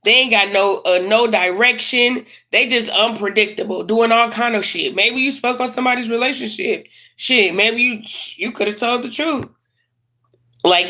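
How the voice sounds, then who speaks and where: Slightly high-voiced woman doing a tarot reading, cussing a lot, blunt and repetitive, super casual. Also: moderate pace, bright, forceful tone. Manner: blunt, profane, slangy; emphatic and repetitive. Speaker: tarot reader.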